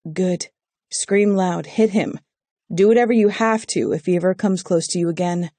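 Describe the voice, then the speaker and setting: An audiobook narrator giving an intimate, measured first-person romance reading on a close studio mic. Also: medium pitch, dark tone, no echo.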